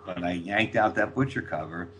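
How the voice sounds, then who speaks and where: An older man with a fairly low voice tells anecdotes with energy, slipping into the voices of the people he quotes. A faint hum sits under the recording. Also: normal speed. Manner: animated anecdote teller, acting out quoted voices. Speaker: author guest. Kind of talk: storytelling anecdotes.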